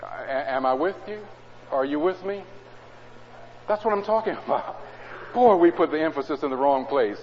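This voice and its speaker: Male preacher, fairly high voice, sermon in a church, loud readings and quiet asides, dull echoey recording. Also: animated, normal speed, long pauses, slight background noise. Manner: swings between loud scripture reading and low conversational asides. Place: church hall.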